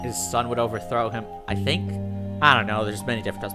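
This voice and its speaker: A man's voice: medium pitch, fairly quick. A man streaming a video game, rambling and swearing casually while commenting, with game music behind.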